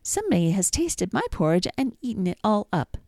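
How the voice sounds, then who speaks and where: A woman voicing a small young bear cub in a storybook reading, with a piping, very high voice. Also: big pitch swings, fairly quick, gravelly, mellow, no echo, studio quality. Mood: complaining.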